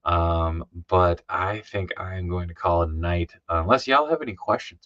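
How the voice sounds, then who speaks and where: A man with a very low voice chats loosely on a livestream, trailing off and restarting often. He sounds worn out. The sound is dry and a little dull. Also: measured pace, a bit bright, no room sound. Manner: rambling, many fillers and restarts, reads chat aloud. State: tired. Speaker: comic artist streaming live. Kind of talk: casual livestream chat.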